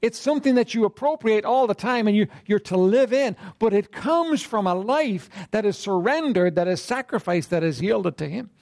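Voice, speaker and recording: Male pastor, conversational sermon, high and highly animated delivery, keeps clearing his throat. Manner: conversational preaching with frequent "right?" and "you know what?".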